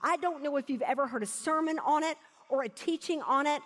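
A high-pitched woman preaches with emphasis and leans hard on key phrases. Her voice rings out with a long reverb from a large hall. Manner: emphatic, slows down to stress key words. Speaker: Bible teacher. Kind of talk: sermon.

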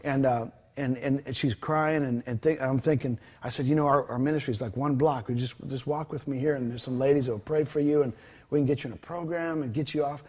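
A man with a husky voice at an ordinary middle pitch, telling a story as a guest. He talks in a conversational, animated way, acting out the dialogue with plenty of fillers and restarts. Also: quick pace. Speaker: guest telling a ministry testimony.

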